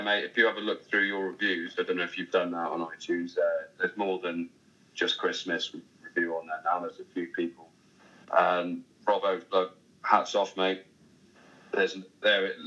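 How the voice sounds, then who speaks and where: A man's voice: low-pitched, bright, forceful tone. A man chatting casually on a podcast, rambling and matey with plenty of fillers. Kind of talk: casual chat. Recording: dull, lo-fi sound.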